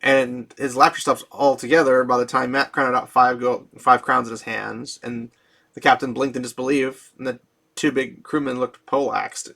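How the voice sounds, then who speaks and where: Male host, gravelly and bright, casual story recap. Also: medium pitch, flat delivery, moderate pace. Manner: gravelly, chatty, laughs often. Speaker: host retelling a fantasy novel.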